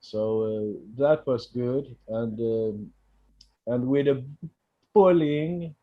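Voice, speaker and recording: Slow halting man on a dull line. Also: medium pitch. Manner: slight stutter, halting. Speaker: caller on a live stream chat. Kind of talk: casual chat.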